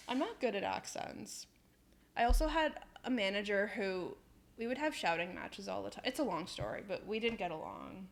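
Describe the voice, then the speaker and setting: A woman's voice: mid-range voice, lively intonation, moderate pace, creaky. A young woman chatting casually on a live stream, reading out chat messages, laughing often and swearing in passing.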